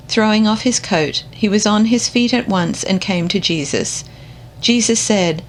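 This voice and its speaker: A woman reading scripture aloud in a slow, contemplative, measured way. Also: mid-range voice, a little hiss or hum. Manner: measured, unhurried. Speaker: scripture reader.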